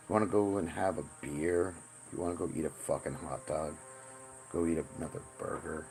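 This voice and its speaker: A man's voice: deep voice, fairly even intonation, normal speed, darkish tone, soft background music. A man ranting bluntly and casually on a livestream, boastful and profane. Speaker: vlogger.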